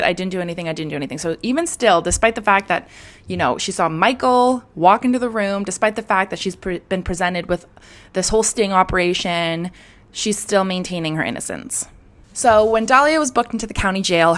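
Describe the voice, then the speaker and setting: A woman's voice: on the low side, a bit bright. A young woman, a true-crime YouTuber, casually telling a crime story in a chatty, candid way, full of fillers and casual swearing.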